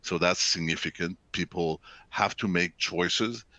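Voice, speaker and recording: Deep-voiced economist with many fillers. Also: male voice, measured pace, sharp tone, no echo. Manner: hesitant, many "uh" fillers, explanatory. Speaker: chief economist, guest speaker. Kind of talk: presentation.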